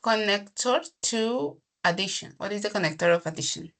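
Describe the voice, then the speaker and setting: A woman teaching an English grammar class, explaining slowly, repeating herself and checking in with the student. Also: medium pitch, a bit bright.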